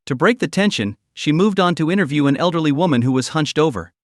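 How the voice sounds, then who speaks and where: Guy narrating a story recap, fairly high voice, dry close sound. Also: fast talker, no room sound. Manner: steady storytelling delivery. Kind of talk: scripted narration.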